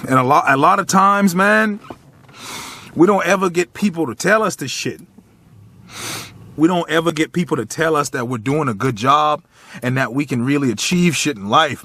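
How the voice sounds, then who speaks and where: Man in 30s, motivational vlog monologue, raw and profane, slightly high voice, dry close sound. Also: sharp tone, no room sound. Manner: raw, profane, preachy, speaks straight to the viewer. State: tearful, choked up. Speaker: motivational vlogger. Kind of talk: emotional motivational monologue to camera.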